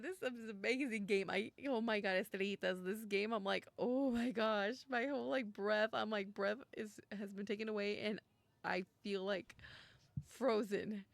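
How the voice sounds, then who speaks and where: A young woman playing through a story game on stream, reading it aloud and reacting emotionally, gushing and laughing nervously. Her voice has a gravelly fry to it. The sound is close and dry, with no room around it. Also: medium pitch, fairly even intonation, moderate pace, no room sound. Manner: emotional, gushing and easily frightened, laughs often.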